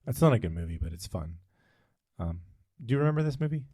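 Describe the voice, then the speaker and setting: A man's voice: lowish voice, very animated, quick pace, warm tone, breathy edge, no room sound, studio quality. A man co-hosting a casual podcast, telling a long story with frequent tangents and fillers. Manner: rambling, goes off on tangents, many fillers. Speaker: podcast co-host.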